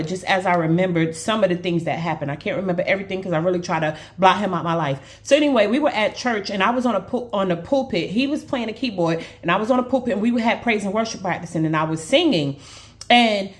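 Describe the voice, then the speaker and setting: A woman from Brooklyn, telling a personal story to her viewers in a chatty, animated way. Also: medium pitch. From Brooklyn, New York. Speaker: storyteller on social video. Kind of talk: casual storytime vlog.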